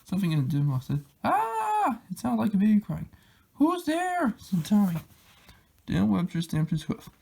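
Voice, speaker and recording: A man reading a children's storybook aloud in a plain, unhurried manner, halting now and then. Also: high-pitched, gravelly, dark tone, slightly rough. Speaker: reader.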